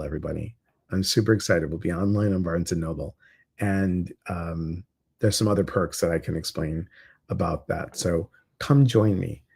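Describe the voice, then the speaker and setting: A man with a Chicago accent hosting a casual livestream, upbeat and excitable as he talks straight to his viewers. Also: deep voice, slightly rough. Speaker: livestream community host.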